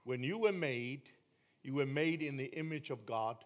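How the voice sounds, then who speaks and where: A man preaching a sermon to a small group, swinging between loud emphatic bursts and quiet, low asides. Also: normal speed.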